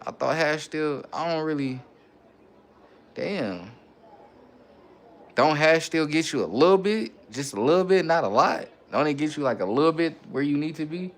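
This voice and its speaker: A man's voice: on the high side, animated, moderate pace. A man hosting a casual livestream, reading viewer comments aloud and answering in loose, slang-heavy banter. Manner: laid-back slang-heavy banter with frequent laughing. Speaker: livestream host.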